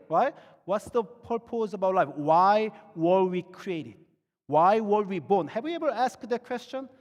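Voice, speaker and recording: High-voiced man preaching in a reverberant hall. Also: animated, measured pace, lo-fi sound. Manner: conversational preaching, many rhetorical questions. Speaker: pastor. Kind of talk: sermon.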